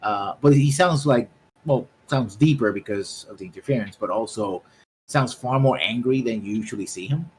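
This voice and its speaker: A man's voice: mid-range voice, normal speed, a little hiss or hum, poor audio. A man running a tabletop game, describing scenes in a rambling way with many restarts. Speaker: game master.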